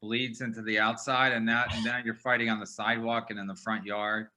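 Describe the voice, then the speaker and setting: A man who is a comedian guest, telling crude stories in a deadpan way. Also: lowish voice, brisk. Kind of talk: comedy storytelling.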